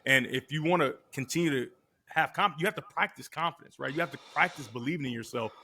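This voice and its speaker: Bright-voiced man telling stories casually. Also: a little high, fast talker, slightly rough. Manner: animated, slangy storyteller who acts out quotes. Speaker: podcast guest, former quarterback. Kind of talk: casual storytelling.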